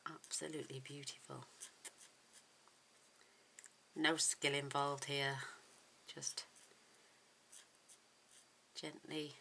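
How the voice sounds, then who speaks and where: A woman hosting a card-making tutorial, talking softly and admiringly as she works, often dropping to a near whisper. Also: deep voice, slight background noise, low-quality recording. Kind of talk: relaxed craft tutorial narration.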